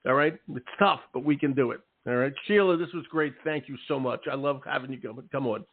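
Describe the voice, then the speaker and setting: A man's voice: mid-range voice, fairly quick, husky. A man hosting an education radio show, talking emphatically and checking in with "okay?" and "all right" as he makes his points. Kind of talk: casual interview talk. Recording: tinny phone-like line.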